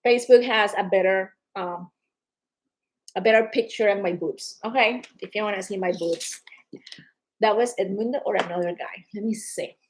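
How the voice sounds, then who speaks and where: A woman's voice: mid-range voice, normal speed, slight background noise, rough recording. A woman with a non-native English accent, talking casually and emphatically to viewers on a live stream. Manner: animated, emphatic, calls viewers darling. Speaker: social media host.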